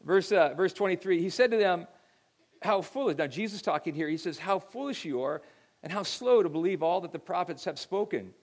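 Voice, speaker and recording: A middle-aged man preaches from the pulpit in a relaxed, conversational way, stumbling over repeated words as he tells a story. His voice sits a touch higher than most men's. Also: a little fast. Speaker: pastor. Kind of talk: sermon.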